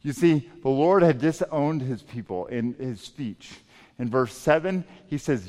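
A man preaching a sermon as pastor, emphatic and swinging between loud and soft delivery. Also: mid-range voice, lively intonation, a little slow. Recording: long reverb of a large hall.

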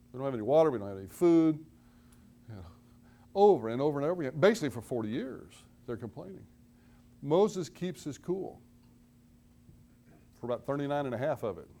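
A man's voice: mid-range voice, darkish tone. A middle-aged man preaching a sermon to his congregation. He keeps it conversational, drops self-deprecating asides, and leans hard into the dramatic moments of the story. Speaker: pastor.

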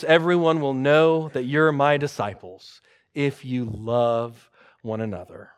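Man preaching with a higher voice. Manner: expository preaching, varies pace for emphasis. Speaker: pastor. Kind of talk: sermon.

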